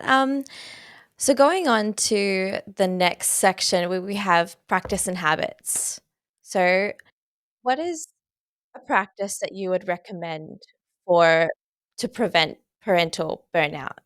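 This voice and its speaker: A woman hosts an interview and asks her questions at a slow, deliberate pace. Her voice sits at a middle pitch. The recording is dry, with no room sound. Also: a bit bright, dry recording. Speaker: podcast host.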